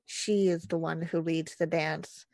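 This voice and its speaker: A young woman runs a tabletop horror game, narrating slowly in a low, gravelly voice. Her pauses and fillers set a halting pace, and the sound is dry and close. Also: fairly even intonation, a little mellow, no echo. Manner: slow, hesitant narration with fillers. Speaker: game master.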